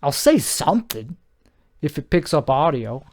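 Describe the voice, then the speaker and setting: A man's voice: a little high, very animated, measured pace, a little mellow. A tired man rambling on his solo podcast at home, meandering, self-deprecating and often trailing off mid-sentence. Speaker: podcast host.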